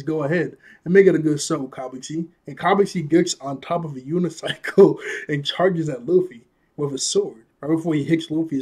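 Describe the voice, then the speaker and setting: Animated man recapping an episode. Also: husky. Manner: animated, laughs often, acts out quotes in higher voice. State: a bit out of breath. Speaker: anime reviewer.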